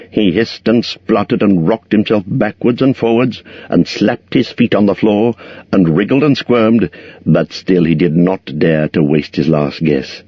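Deep, husky male storybook narrator. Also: dry recording, highs cut off. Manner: measured, expressive reading. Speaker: audiobook narrator.

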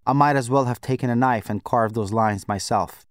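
A man reads a first-person novel aloud in a steady, measured voice of middle pitch. The recording is dry and close, with no room around the voice. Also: dry recording. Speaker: audiobook narrator. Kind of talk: scripted narration.

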